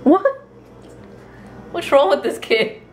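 A woman's voice: high voice, animated, slow pace, roomy sound, slight background noise. A woman vlogging at home over dinner, chatting casually and teasing with a light, laughing manner. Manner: playful and teasing, laughs often. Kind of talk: casual family chat.

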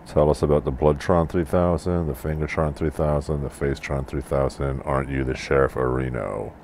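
A man's voice: rumbling low, fairly even intonation, fairly quick, darkish tone, slight background noise. A man doing wry gameplay commentary, poking fun at the game's jokes. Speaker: let's play commentator.

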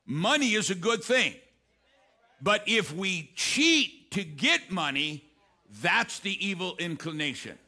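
An older man preaching a sermon as pastor, telling stories in an animated way, often restarting his sentences. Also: sits high, slow pace. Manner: animated storytelling with repeated restarts.

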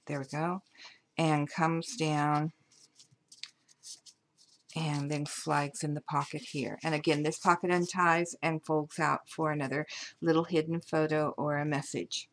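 A woman's voice: low-pitched, level tone, a little slow. A woman showing off a handmade paper album, chatty and gushing over the materials as she walks through each page. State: hiccups. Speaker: paper craft designer. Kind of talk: craft show-and-tell tutorial.

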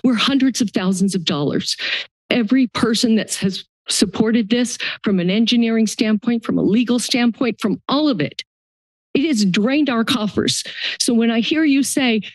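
A woman's voice: a little high, no room sound. An older woman, a grandmother and homeowner, giving emotional public comment at a county board meeting, her voice shaky. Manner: emotional, pleading, halting.

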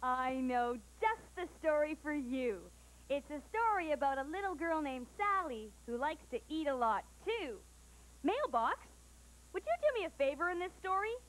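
A woman hosting a children's storybook show, talking in a bubbly, excited, sing-song way. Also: high voice, normal speed.

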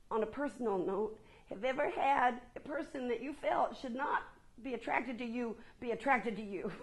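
A woman in her fifties giving an energetic motivational presentation, asking the audience questions. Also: a little high, low-quality recording. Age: 50s. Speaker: keynote speaker. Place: conference room with a live audience.

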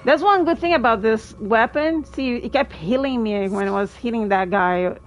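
A woman talking her viewers through a game, her voice sitting a little high. She bursts into exclamations and thanks her audience between moments. A faint hiss of noise runs underneath. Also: normal speed, low-quality recording. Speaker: gaming streamer. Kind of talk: live gameplay commentary.

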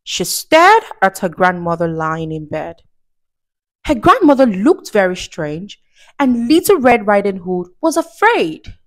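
A woman reading a children's story aloud as a storyteller, slow and expressive with playful asides. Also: mid-range voice. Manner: slow, expressive and warmly animated.

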